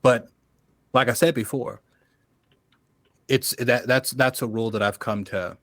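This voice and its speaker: A man, a musician guest on a podcast, telling a story in a lively, casual way. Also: mid-range voice, measured pace, dry recording. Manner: lively storytelling, calls people brother.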